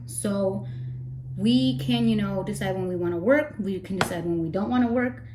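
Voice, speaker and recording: A woman's voice: medium pitch, normal speed, background noise. A young woman chatting casually while doing her makeup, a little out of breath, rambling with playful asides. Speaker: makeup vlogger. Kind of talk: casual get-ready-with-me chat.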